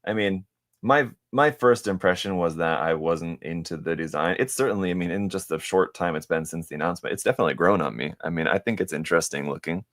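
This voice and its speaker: A man with a deep, low voice hosts a casual live stream and talks while he builds a model kit. His speech wanders, full of fillers, restarts and side comments. Every so often he drops into mumbling to himself over his hands. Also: fast, a bit bright. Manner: rambling and hesitant, many fillers and restarts; mutters to himself while working. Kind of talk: casual live-stream chat, answering viewer questions.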